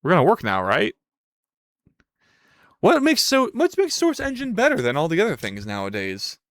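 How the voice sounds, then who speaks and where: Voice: medium pitch, wildly swooping pitch, normal speed, fairly bright tone, no echo, clean studio sound. A live streamer thinking aloud while coding, who is playful with viewers and yelps and swears when things break. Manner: playful, chats with viewers between tasks.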